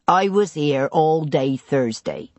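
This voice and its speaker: A woman puts on a gruff male tavern keeper in a storybook reading, a scarred ex-soldier with a West Country burr. He talks surly and clipped, taunting, with a low, husky voice. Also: slow, a little mellow, no room sound. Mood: scoffing.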